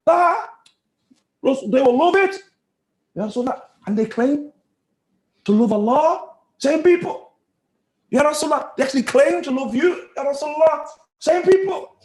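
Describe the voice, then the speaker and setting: High, lively man teaching in an echoey room. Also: moderate pace. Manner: lively, acts out voices, laughs often. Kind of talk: animated religious lesson.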